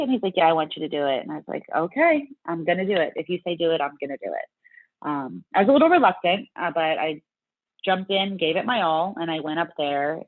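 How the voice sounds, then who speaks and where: A woman's voice: fairly low pitch, no room sound. A middle-aged woman from the US South, a guest in a casual interview, chatting and acting out her own past reactions in quotes. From Louisiana, US South. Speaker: interview guest, fitness competitor. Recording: dry, tinny phone-like line.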